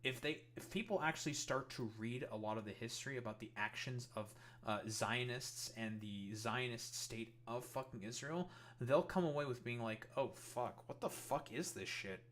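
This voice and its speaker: A man's voice: mid-range voice, moderate pace, fairly bright tone. Profane ranting man streamer. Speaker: streamer host. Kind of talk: casual political commentary stream.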